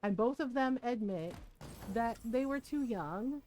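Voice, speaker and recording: A woman's voice: a little high, expressive, unhurried, warm tone, a little hiss or hum, poor audio. A woman in her forties, streaming a game and telling a story in a blunt, casual way, swearing freely and laughing often.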